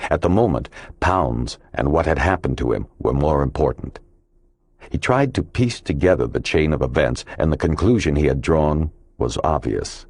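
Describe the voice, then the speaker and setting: A man narrating a crime novel audiobook in a measured, even storytelling manner. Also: very deep voice, dry recording. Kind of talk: scripted narration.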